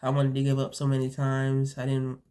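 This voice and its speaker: A young woman vlogging from home, talking earnestly and haltingly, repeating herself. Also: a bass voice, completely flat delivery, mellow. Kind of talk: casual talk to camera. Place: home, indoors.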